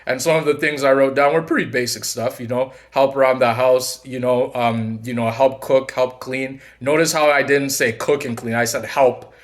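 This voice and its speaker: A man hosting his own channel, telling a personal story in an earnest, halting way and often repeating himself. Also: medium pitch, fairly even intonation. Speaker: channel host and relationship coach.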